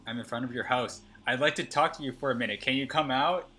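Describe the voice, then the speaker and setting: A man voicing a clingy, obsessive schoolgirl stalker as he reads her text messages aloud in a plain, even voice. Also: on the low side, brisk, close to an everyday voice.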